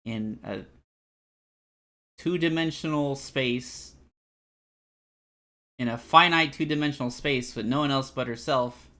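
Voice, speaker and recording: Brief: young male streamer with a bright, sharp voice, animated and rambling while reading game text. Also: medium pitch. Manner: rambling, animated, self-deprecating. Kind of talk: live game playthrough commentary.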